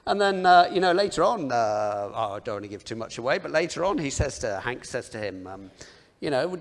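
A man's voice: medium pitch, big pitch swings, brisk, creaky. A man preaching a sermon in a conversational, self-deprecating way, often asking the listeners rhetorical questions. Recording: long reverb of a large hall.

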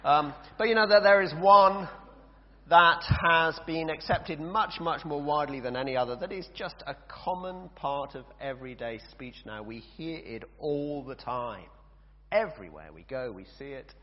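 A man's voice: a little high, moderate pace. A man leading a church sermon, chatty and hesitant, with fillers and self-corrections. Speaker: preacher. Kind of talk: sermon with scripture reading. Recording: reverberant church, dull lo-fi sound.

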